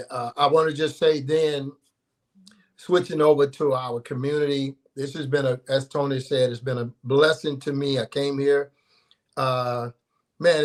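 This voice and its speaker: A man in his sixties, a former football player and guest on a sports show, talking in a heartfelt, humble way with playful teasing. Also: medium pitch. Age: 60s. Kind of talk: casual studio chat.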